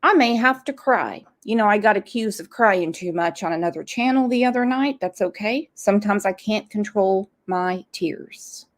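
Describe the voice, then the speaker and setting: A woman's voice: medium pitch, moderate pace, hardly any pauses. A woman hosting a true crime livestream, angry and blunt, swearing freely as she comments. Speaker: true crime channel host.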